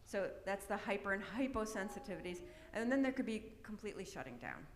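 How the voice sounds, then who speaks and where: This middle-aged woman talks quickly in a sing-song, mid-range voice as she leads an autism awareness session in a church hall. Her style is conversational, full of tag-question check-ins, and the recording carries long reverb from the echoey hall plus slight background noise.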